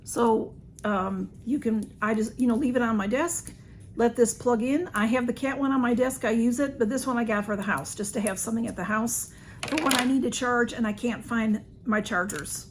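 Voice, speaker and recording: A woman chatting through a shopping haul at home, rambling and a little hoarse. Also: on the high side, normal speed, a little hiss or hum. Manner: chatty, rambling, talks to her cats. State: slightly hoarse. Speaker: vlogger reviewing a shopping haul. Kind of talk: casual haul video chat.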